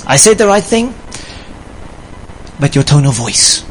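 Playful preacher man, slightly high voice. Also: very animated, measured pace, background noise. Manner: playful, laughing with a live audience. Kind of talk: sermon on marriage.

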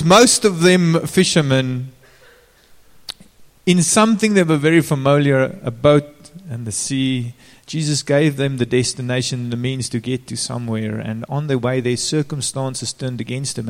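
A man with a mid-range voice preaches casually at a measured pace, asking the congregation questions directly. The recording carries the long reverb of a large hall.

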